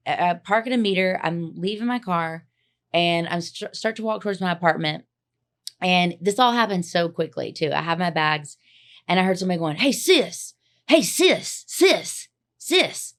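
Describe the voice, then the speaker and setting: Lively storytelling woman with a lowish voice. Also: normal speed. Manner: animated storyteller, acts out voices, laughs often. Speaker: podcast co-host. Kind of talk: casual chat.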